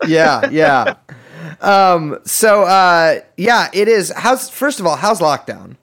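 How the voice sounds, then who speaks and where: A man hosting a podcast, chatting casually in an animated, rambling, self-mocking way. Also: high voice, takes it slowly. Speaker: podcast host.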